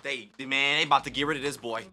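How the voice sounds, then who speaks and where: A young man hosting a reaction video, talking in casual slang, jumping between loud outbursts and low murmurs. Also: fairly even intonation, quick pace, loud music behind the voice.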